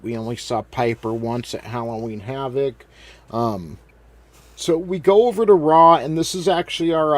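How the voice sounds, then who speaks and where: A man hosting a podcast, recapping old wrestling broadcasts in a casual, rambling way. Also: mid-range voice. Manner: rambling, recaps and quotes with filler words. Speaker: podcast host.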